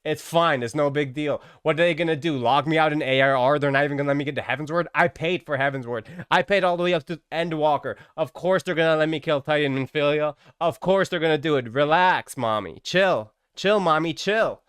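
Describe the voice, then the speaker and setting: Profane, animated man telling a comic story. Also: on the high side, fairly quick, hardly any pauses, clear, resonant tone, no echo. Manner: animated, profane, slangy, exaggerating. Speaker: gaming video creator.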